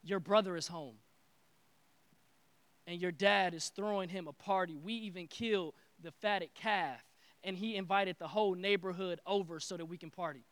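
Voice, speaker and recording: A man's voice: high voice, normal speed, a bit bright, clear, resonant tone, no room sound. A man voicing a household servant who explains what is going on in a plain, matter-of-fact way. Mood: explaining.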